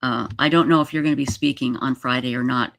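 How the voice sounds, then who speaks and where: Livestream host: gravelly, dry close sound, emotional and halting, casual chat. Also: mid-range voice, steady tone, fairly bright tone, dry recording. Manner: emotional, halting, many fillers. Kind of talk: casual livestream chat, reading comments aloud.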